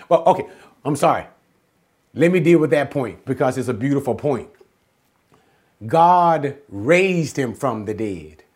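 A man teaching a Bible lesson, working through Greek phrases word by word and asking his listeners rhetorical questions that he then answers himself. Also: a little high.

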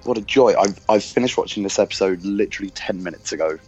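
A man's voice: fairly low pitch, fast talker, a little mellow, breathy edge, faint music behind. A man who is a podcast guest, making dry, wry remarks in casual chat. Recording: muffled remote line.

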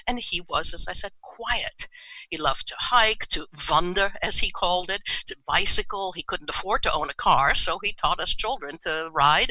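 A man's voice: high voice, bright, forceful tone, dry recording, poor audio. A man in his seventies from New York City, telling his life story in a reflective way and often checking in with "right?". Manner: reflective, often adds "right?" tag questions. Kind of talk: personal storytelling talk.

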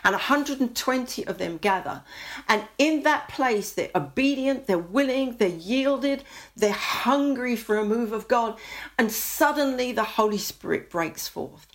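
A woman giving an earnest, impassioned Christian testimony, sometimes dropping to a soft near-whisper when moved. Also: a little high, expressive, measured pace. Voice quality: earnest, prayerful, rising to fervent intensity.

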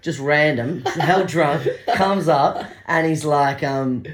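A young Australian man telling a story in casual chat, animated, acting out the voices of the people in it. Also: a little high, slow pace.

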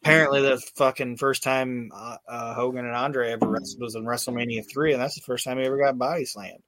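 A man's voice: mid-range voice, steady tone, fast talker, a bit bright, dry recording. A man hosting a casual podcast, telling a rambling, profane story with lots of fillers and restarts. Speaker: podcast host. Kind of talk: casual recap chat.

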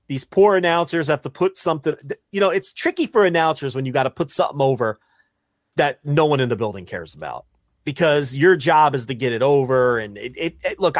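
A podcast co-host with a medium-pitched voice chats casually, animated and profane, rambling with restarts. There is no room sound.

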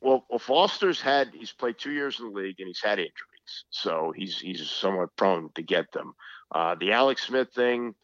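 An older man guesting on a sports talk podcast, telling old stories and quick to correct the host with what he knows. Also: lowish voice, expressive, a bit bright, no room sound, highs cut off. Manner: knowledgeable, quick to correct, storytelling.

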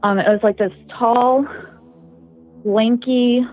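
A young woman with a fairly high, steady voice speaks slowly as a podcast guest, rambling through a personal story packed with "like" and "um." It's casual podcast chat, recorded with a tinny, phone-like dry sound over soft background music.

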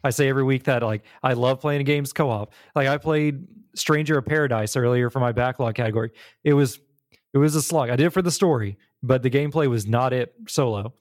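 A man co-hosting a casual gaming podcast over a video call, relaxed and chatty, with lots of "like" fillers. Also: medium pitch, fairly quick. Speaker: podcast co-host. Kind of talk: casual chat.

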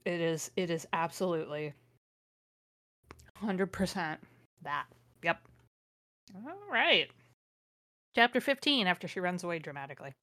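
A woman's voice: lowish voice, expressive, unhurried, long pauses, sharp tone, dry recording. A woman reading fan fiction aloud for laughs, breaking off with sarcastic, exasperated asides. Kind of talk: comedic read-along with commentary.

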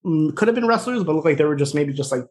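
Fast and lively, this fairly high-pitched man co-hosts a podcast, recapping events casually with plenty of fillers and laughter as he chats.

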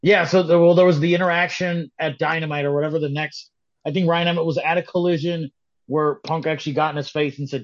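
A podcast co-host on a casual wrestling chat talks quickly in a fairly high voice with little pitch movement. He sounds skeptical, rambling and restarting his sentences, and the podcast audio is dull and lo-fi.

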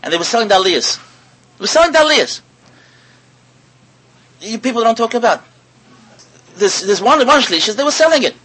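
A man preaching in a high, bright, slightly husky voice. He swoops up and down in pitch, fires rhetorical questions at his listeners and repeats words as he builds a point. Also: very animated, brisk, pauses often, poor audio. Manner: mixes in Hebrew and Yiddish words. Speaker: rabbi giving a talk. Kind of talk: sermon to an audience.

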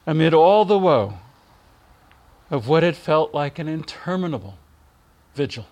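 A middle-aged man gently and warmly telling personal stories in a remembrance talk, with soft pauses. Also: on the high side, expressive. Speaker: speaker giving a spiritual reflection.

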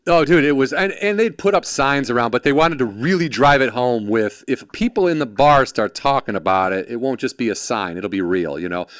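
A man's voice: mid-range voice, expressive, brisk, few pauses, a bit bright, no room sound, studio quality. A man telling a story in casual chat, acting out quoted voices, swearing freely and jumping between characters. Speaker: podcast guest, former production assistant.

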